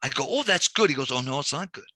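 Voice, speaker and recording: A banking instructor, a man with a mid-range, slightly breathy voice, talks fast in this dry recording of a training lecture. He walks his class through the numbers step by step and livens things up with animated stories full of quoted dialogue.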